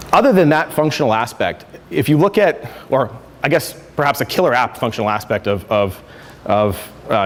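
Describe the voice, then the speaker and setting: A man's voice: lowish voice, long reverb tail, a little hiss or hum. A man giving a conference talk, conversational and self-correcting with frequent fillers. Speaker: conference speaker. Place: lecture hall.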